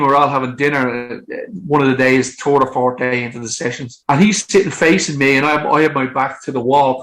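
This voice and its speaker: Animated man telling stories. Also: mid-range voice, rough recording. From Ireland. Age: 50s. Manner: animated, acts out quotes, frequent swearing. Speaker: guest songwriter. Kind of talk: casual anecdotal storytelling.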